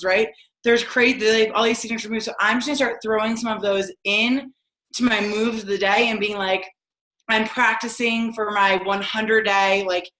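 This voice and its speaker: A woman's voice: medium pitch, sharp tone, reverberant, low-quality recording. A woman on a video call who talks while working out, rambling in a breezy way full of fillers. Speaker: team coach sharing a plan. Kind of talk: casual chat on a video call.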